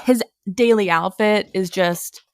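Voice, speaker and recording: A woman's voice: medium pitch, takes it slowly, clear, resonant tone, no echo, studio quality. A woman co-hosting a casual podcast, chatting and laughing easily, with plenty of likes and fillers. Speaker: podcast co-host.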